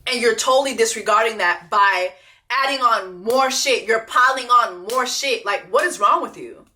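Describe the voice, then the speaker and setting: A woman's voice: fairly high pitch, normal speed, sharp tone. A woman hosting a reaction video, talking bluntly and profanely, repeating her points for emphasis. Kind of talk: unscripted reaction commentary.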